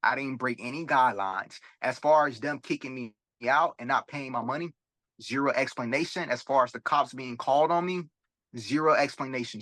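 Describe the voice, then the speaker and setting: A young man from Florida, a rapper guesting on an interview show, telling a story in a casual, animated and profane way and acting out the dialogue. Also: medium pitch, no echo. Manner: animated, profane, acts out quoted dialogue, frequent tag questions. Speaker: rapper and sports bettor, guest.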